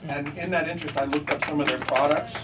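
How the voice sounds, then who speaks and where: A middle-aged man, an author at a book signing, reading comic pieces and telling stories to an audience with a wry, deadpan delivery. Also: a little high, fast. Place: bookstore event room with a live audience. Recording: distant amateur recording, loud crowd laughter and noise.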